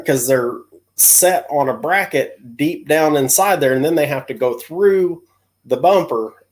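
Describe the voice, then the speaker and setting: A man in a casual garage chat, joking about his own repair mistakes. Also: medium pitch. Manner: laid-back, jokingly calls himself an idiot.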